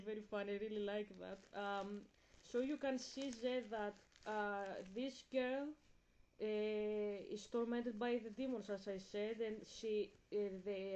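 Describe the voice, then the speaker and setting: A young woman vlogging an impassioned theology rant, emphatic and preachy, repeating and restarting phrases and slowing down on key words. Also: medium pitch, a little mellow.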